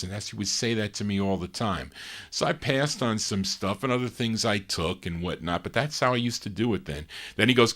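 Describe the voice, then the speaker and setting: A man's voice: on the low side, fairly quick, fairly bright tone. A man hosting a live oldies record show, chatting casually and rambling into personal stories between songs. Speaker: radio show host.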